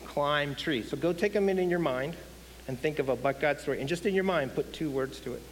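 A man preaching a sermon, animated and often asking the audience questions. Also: a little high, a little fast. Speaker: guest speaker. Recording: hissy hall with long reverb.

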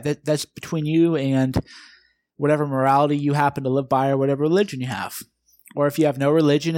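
A man hosting his own podcast, speaking in a fairly high voice with emphatic, lecturing force. He talks straight to the listener, firing off rhetorical questions. The sound is dry and close, with no room echo. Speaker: podcast host. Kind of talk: motivational monologue.

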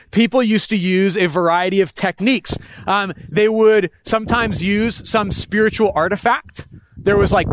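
High-voiced pastor giving a casual sermon. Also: male voice, no room sound, clean studio sound. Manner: casual, slangy and emphatic, with frequent "right?" asides. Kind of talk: conversational sermon.

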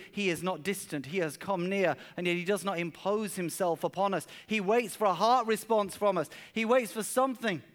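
High-voiced pastor preaching. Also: male voice. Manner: earnest storyteller, often repeats words while speaking. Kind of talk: sermon. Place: church service.

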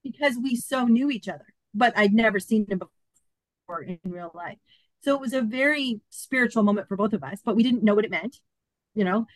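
Woman, 50s, interview guest; animated storyteller who performs the quotes, medium pitch, dry close mic. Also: moderate pace, no echo. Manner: animated, acts out quoted dialogue. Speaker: podcast guest.

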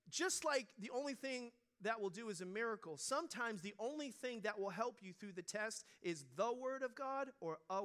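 A middle-aged man delivers a sermon in a high, ringing voice with a bright edge. His preaching is casual and conversational, full of jokes and stumbling restarts as he works toward his point. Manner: conversational and joking, with many restarts. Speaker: pastor.

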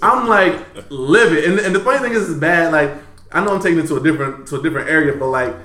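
A man hosting a podcast, telling a story in casual, profane talk that swings between loud bursts and low mutters. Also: quick pace, echoey room. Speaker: podcast host.

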